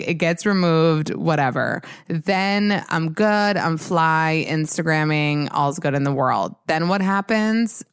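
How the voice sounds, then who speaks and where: Low-voiced, smooth-toned woman ranting. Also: measured pace, hardly any pauses, dry recording, clean studio sound. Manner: chatty, swearing, self-mocking, animated storytelling. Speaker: podcast host. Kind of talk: casual solo rant.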